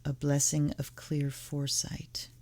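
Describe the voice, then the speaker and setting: Soft-spoken woman reading card blessings. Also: sits low, monotone. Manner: reads slowly and softly, some card titles half-whispered. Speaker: tarot channel host. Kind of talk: casual unboxing, reading aloud from a card deck and guidebook.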